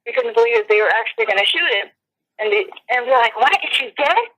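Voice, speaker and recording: A woman eyewitness recounting events in a phone interview, shaken and near tears, with halting speech full of restarts. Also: a little high, lively intonation, a bit bright, poor audio.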